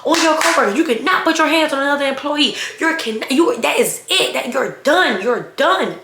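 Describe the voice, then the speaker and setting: A woman voicing a shrill, furious middle-aged female manager who shrieks and repeats herself. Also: animated, moderate pace, noisy background. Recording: roomy echo.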